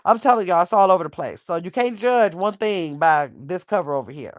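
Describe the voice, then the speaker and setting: A woman's voice: lowish voice, lively intonation, brisk, dry recording, clean studio sound. A middle-aged woman hosting a casual livestream, rambling and reading viewer comments aloud. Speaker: livestream host.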